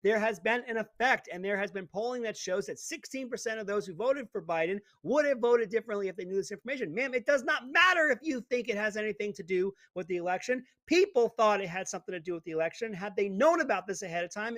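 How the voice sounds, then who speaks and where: Indignant high-voiced talk host. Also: male voice, a bit bright, no echo, studio quality. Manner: indignant, sarcastic rant. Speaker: radio talk show host. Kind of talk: opinionated talk radio monologue.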